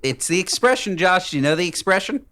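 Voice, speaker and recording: A man's voice: high voice, lively intonation, fast talker, sharp tone. A man co-hosting a chat podcast, giving listener advice in a teasing, wry way with emphatic repetition. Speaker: podcast co-host. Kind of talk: casual banter giving advice.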